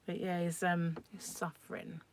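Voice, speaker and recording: A woman's voice: lowish voice, little pitch movement, moderate pace. A middle-aged woman hosting a crochet livestream at home, chatting casually and laughing often as she rambles through viewer comments.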